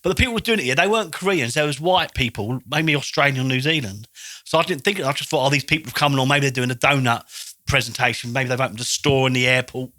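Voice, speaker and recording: A man telling a story on a podcast, animated and swearing freely, laughing as he goes. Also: medium pitch, fast. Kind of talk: casual storytelling chat.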